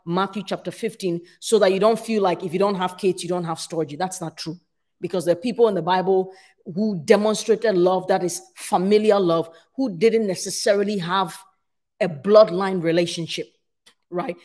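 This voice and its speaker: A middle-aged woman pastor preaching a sermon to her congregation, telling stories and acting out her own past complaints with lively animation. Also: mid-range voice. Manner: speaks to a congregation, asks for responses.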